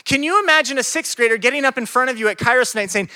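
A man preaching a sermon as pastor, animated, joking and conversational. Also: extremely high pitch, fast, clear, resonant tone. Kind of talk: sermon to a youth group.

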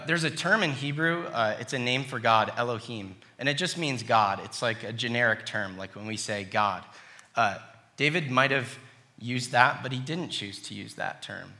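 A middle-aged man preaching a sermon, reading scripture slowly and then telling personal stories with lively acted-out quotes. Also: mid-range voice. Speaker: pastor.

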